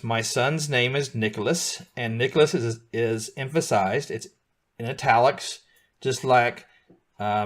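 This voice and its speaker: A middle-aged man leads a live beginner coding lesson at an even pitch. He explains each step patiently and keeps asking his students whether they are following along. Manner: patient, checks in often with students. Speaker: coding teacher.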